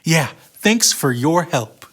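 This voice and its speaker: A man's voice: fairly high pitch, expressive, slow pace, a bit bright. A man narrating a Bible story for kids in a dramatic, scripted way. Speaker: Bible storyteller on a kids' show.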